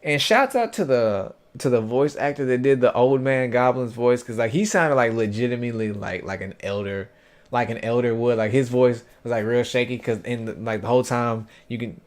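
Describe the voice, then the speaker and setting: A man with a medium-pitched voice talks at a moderate pace. He's casually recapping an anime episode for his review, rambling loosely with lots of fillers, self-corrections and slang in an informal way.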